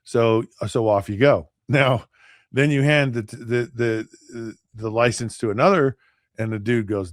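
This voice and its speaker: A man's voice: medium pitch, a little slow, no room sound, studio quality. A middle-aged man hosting a podcast, telling stories casually with many restarts and acting out what other people said. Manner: rambling, with many restarts and acted-out quotes. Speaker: podcast host, former NFL quarterback. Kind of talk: casual storytelling.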